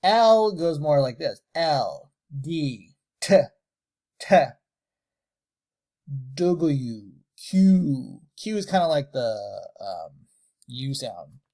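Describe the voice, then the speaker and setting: A man teaching animation lip sync, slowly and deliberately sounding out letters and words with exaggerated mouth shapes. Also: on the high side, big pitch swings, warm tone. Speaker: animation tutor. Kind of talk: tutorial, demonstrating mouth shapes on camera.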